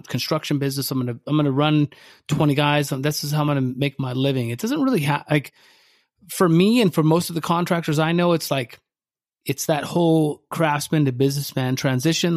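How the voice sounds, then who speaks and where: Man, podcast co-host, casual chat, rambling, fillers, slightly higher voice. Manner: rambling, many fillers and restarts. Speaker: podcast co-host, contractor coach.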